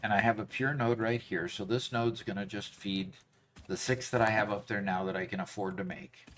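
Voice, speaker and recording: A man streaming a factory-building game, thinking aloud in a halting, self-correcting way while fighting off hiccups. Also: lowish voice, steady tone, a bit bright, a little hiss or hum. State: has hiccups. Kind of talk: casual gameplay chat.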